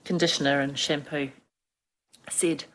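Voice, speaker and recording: A woman in a casual chat, agreeable and lively as she tells stories. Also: low voice, a little slow, a little hiss or hum, poor audio.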